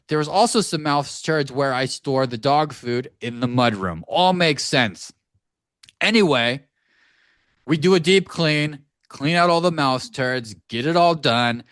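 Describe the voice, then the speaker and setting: A man co-hosting a podcast, telling a story in an animated, profane ranting way from a home studio. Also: on the high side, no room sound. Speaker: podcast co-host. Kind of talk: casual podcast chat.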